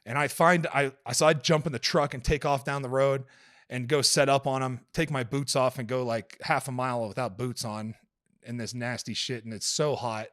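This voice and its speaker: A man's voice: mid-range voice, steady tone, normal speed, a bit bright, dry recording, studio quality. A man in a casual podcast conversation, telling a hunting story in a rambling way, with lots of swearing and fillers.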